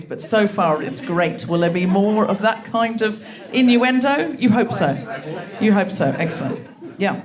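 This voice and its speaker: A woman's voice: medium pitch, expressive, measured pace. Teasing woman hosting a live comedy show. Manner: teasing, laughing, playful banter. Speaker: host. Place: live venue with audience. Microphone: handheld mic. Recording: live show with audience crowd noise. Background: audience laughter.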